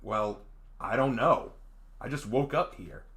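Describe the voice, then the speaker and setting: A man's voice: mid-range voice, takes it slowly, fairly bright tone. A man voicing a polite, earnest young man who stammers as he tries to reassure, in a visual novel reading. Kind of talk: visual novel read-aloud.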